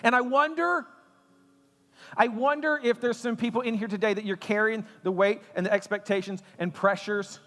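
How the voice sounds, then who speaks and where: A man preaching a sermon as pastor in a church, talking conversationally and building to loud intensity. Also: high voice, big-room sound. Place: church auditorium.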